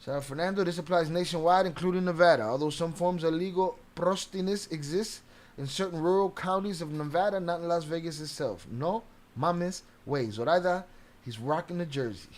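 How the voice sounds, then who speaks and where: A man with a fairly high voice hosts a loose, chatty livestream. He talks in an animated, profane way and keeps greeting viewers from the chat. His tone stays casual and conversational. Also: normal speed. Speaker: livestream host.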